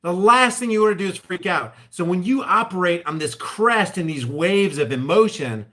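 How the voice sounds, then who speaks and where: A man's voice: high-pitched, expressive, normal speed, bright, forceful tone. A man delivering an emphatic commentary rant on his vlog, now and then acting out other people's voices. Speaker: vlogger.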